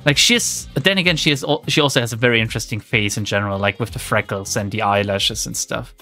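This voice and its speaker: A man's voice: fairly low pitch, quick pace, bright, forceful tone, soft background music. A man giving casual, rambling commentary while reading a game story aloud, with many fillers.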